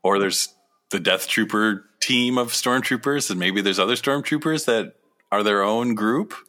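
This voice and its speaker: Low bright-voiced joking man. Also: unhurried. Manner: playful, laughs a lot, riffs on jokes. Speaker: podcast co-host. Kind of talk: casual chat reacting to a trailer.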